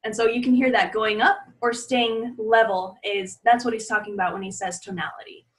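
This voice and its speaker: A woman hosting an interview, speaking straight to viewers and explaining points clearly. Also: a little high, fairly even intonation, brisk. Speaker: interview host, body language trainer.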